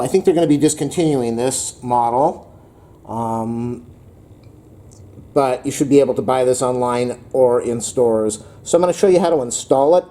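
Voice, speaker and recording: A man's voice: medium pitch, dark tone. A man hosting a home improvement how-to video, talking casually with frequent fillers and a rambling manner. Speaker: DIY video host.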